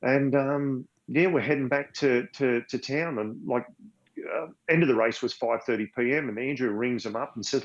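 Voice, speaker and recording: An older Australian man, guesting on a podcast, tells a long story in a casual, rambling way, repeating words and sometimes getting emotional. His voice is medium-pitched at normal speed, and the recording has a dull lo-fi sound.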